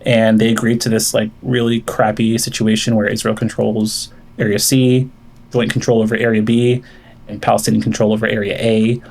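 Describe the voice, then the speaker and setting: A man's voice: fairly low pitch, flat delivery, moderate pace, vocal fry, a little mellow. A man on a call with a streamer, laying out a long argument point by point, with many fillers and restarts. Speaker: caller debating the host. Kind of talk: online debate call.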